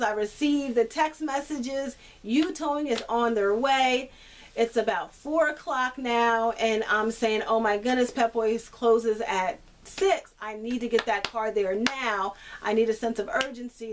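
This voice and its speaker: A woman vlogger telling a long, frustrating story to camera, animated and exasperated, laughing now and then. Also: on the high side.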